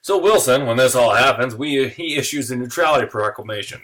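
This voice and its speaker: A man gives a relaxed, chatty history lecture, mid-pitched and informal. He keeps it light with jokes and now and then slips into quick voices for the countries he talks about. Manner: jokey, chatty, acts out nations in quick voices. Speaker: history teacher. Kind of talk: casual classroom lecture.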